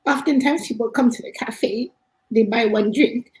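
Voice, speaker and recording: A woman's voice: fairly high pitch, normal speed, a little mellow. Earnest storytelling woman, echoey room. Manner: earnest, reflective, with frequent restarts. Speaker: cafe owner and podcast guest. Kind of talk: personal storytelling in a podcast interview.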